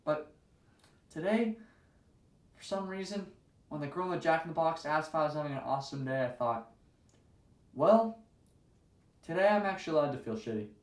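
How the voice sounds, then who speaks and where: A man's voice: a little high, normal speed, long pauses, natural voice. A man performing a stage monologue as a weary, sardonic man who tells an awkward story and imitates the people in it. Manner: dry, sardonic storytelling with mimicked voices. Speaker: theatre student performing a monologue. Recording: roomy echo, mic far off.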